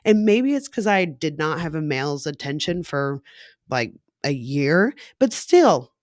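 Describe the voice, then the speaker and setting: A woman's voice: sits low, big pitch swings, a little slow, no room sound, studio quality. A woman in her thirties telling a personal story candidly, swearing freely and filling her talk with "like" and "you know". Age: 30s. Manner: frank and profane, filler-heavy with lots of "like".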